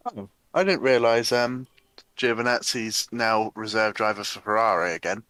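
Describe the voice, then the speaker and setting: A man's voice: on the low side, normal speed, fairly bright tone, no room sound. A man chatting casually with a teammate while driving in a racing game. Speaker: sim racing driver. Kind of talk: casual chat while gaming.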